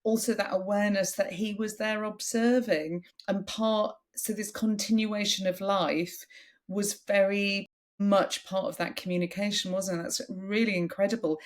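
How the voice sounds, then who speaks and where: A woman hosting a podcast interview in a casual, animated chat. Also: mid-range voice, moderate pace. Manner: animated, breaks into lively acted-out quotes. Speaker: podcast host.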